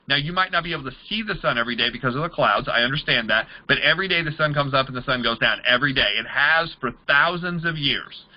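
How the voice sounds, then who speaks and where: A man's voice: medium pitch, muffled recording. A man leading a motivational sales training, talking in an emphatic, repetitive coaching manner. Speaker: MLM trainer.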